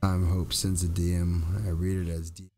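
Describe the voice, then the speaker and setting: Deep-voiced man chatting loosely on stream. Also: level tone, normal speed, noisy background. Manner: loose, giggly, apologetic banter. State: says he is high. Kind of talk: casual stream chat, reading chat messages.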